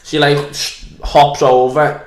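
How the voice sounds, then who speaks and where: A man's voice: fairly high pitch, flat delivery, slow pace, echoey room. A young man from Liverpool with a Scouse accent, a podcast guest telling a long, crude, self-deprecating story in casual chat.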